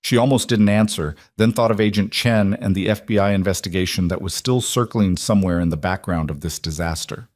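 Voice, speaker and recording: A man reading a story as its narrator, in steady scripted narration. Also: fairly low pitch, moderate pace, few pauses, no echo, studio quality.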